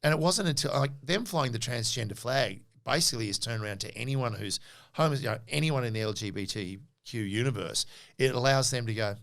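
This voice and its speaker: A man's voice: mid-range voice, a little fast, gravelly. An Australian man in his forties, a podcast co-host telling stories in an interview and acting out what people said. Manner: animated storyteller, acts out quotes. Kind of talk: casual interview storytelling.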